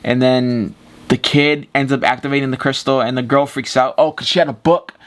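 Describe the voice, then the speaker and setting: A man's voice: medium pitch, fairly even intonation, a little fast. A man giving a casual movie review to camera, rambling and repeating himself, with some cursing. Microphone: camera with ring light.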